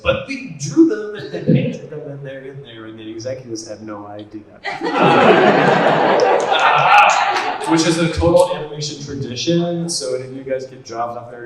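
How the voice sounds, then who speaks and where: A man on a convention panel, casually telling animated, laughing stories about making a show and acting out what people said. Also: mid-range voice. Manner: animated, laughing storyteller who acts out quotes. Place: large convention hall. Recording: echoey hall from far off with noise.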